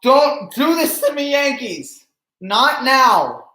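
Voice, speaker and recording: A man anxiously reacting live to a ballgame, pleading and sighing heavily as the pitches come in. His voice is bright and edgy and swings widely in pitch. The room adds a noticeable echo. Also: big pitch swings, slow. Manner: anxious, pleading, heavy sighs. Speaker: sports fan streamer. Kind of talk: live game reaction stream.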